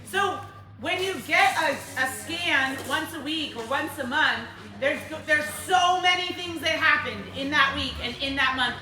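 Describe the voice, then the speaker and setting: A woman fitness coach talking to a group in a lively way, asking them questions and acting out her clients. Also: high-pitched, distant mic. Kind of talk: group workshop talk. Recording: roomy, from across the room, faint noise.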